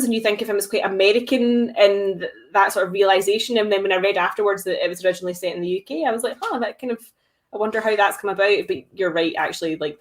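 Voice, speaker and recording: A woman co-hosting a film podcast, chatting casually and laughing often. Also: mid-range voice. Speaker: podcast co-host.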